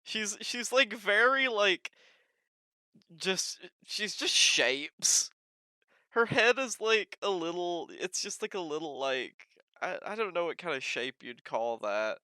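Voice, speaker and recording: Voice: mid-range voice, expressive, takes it slowly, bright, forceful tone, dry recording. A podcast co-host chatting casually, gushing about a cartoon with lots of filler words. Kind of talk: casual chat.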